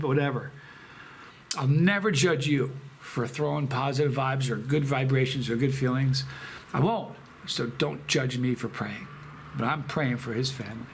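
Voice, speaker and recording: A man speaks in a gravelly, slightly raised voice, circling back and restarting as he talks straight to the camera. His manner is heartfelt and rambling, with faint noise in the background. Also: on the high side. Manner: rambling, halting, emotional, many restarts. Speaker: chili pepper channel host. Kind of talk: casual vlog talk to camera.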